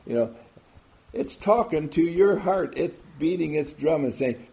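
A man's voice: a little high, expressive, normal speed, warm tone. A man giving an emphatic motivational talk to a group, asking many rhetorical questions. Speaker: motivational speaker.

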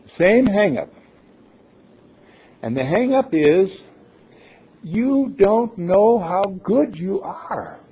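A man with a very husky, breathy voice delivers a sermon, his pitch swinging widely as he jokes and laughs with his listeners. The recording is dull and lo-fi. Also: drawn-out words, pauses often. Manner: playful, animated, laughing often. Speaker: minister.

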